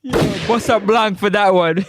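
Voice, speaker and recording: A man with a Jamaican accent hosting a casual football talk show, teasing and animated and slipping into patois as he answers viewers. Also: high voice, measured pace, slight background noise. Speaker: sports talk host.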